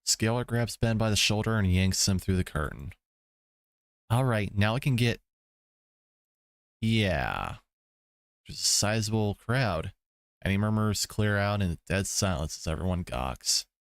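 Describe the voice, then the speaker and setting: A man's voice: deep voice, no echo, clean studio sound. A man streaming a visual novel, reading the story aloud with laid-back commentary, swearing asides and chuckles. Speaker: let's play streamer.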